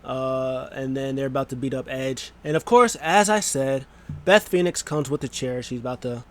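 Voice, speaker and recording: A young man recapping wrestling in a casual, excitable, rambling vlog, with quick silly voices now and then. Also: mid-range voice. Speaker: wrestling vlogger.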